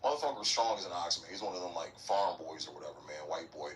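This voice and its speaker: A man's voice: low-pitched, quick pace, distant mic, a little hiss or hum, rough recording. A man, a military veteran, telling rambling, profane stories in a casual podcast chat.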